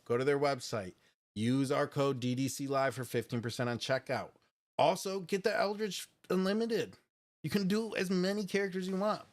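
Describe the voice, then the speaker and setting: A man playing a tabletop game on a live stream, playful and quick to laugh, who also hosts the show. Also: mid-range voice. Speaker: player and show host.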